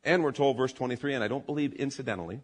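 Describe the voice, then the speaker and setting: A man preaching a sermon as pastor, animated, building to loud emphatic peaks and then dropping low. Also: racing.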